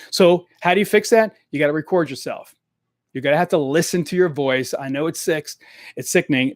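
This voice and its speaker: A man coaching salespeople in a live stream, talking straight into a desk microphone in a direct, energetic way and repeating his key points. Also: a little high, no room sound, studio quality.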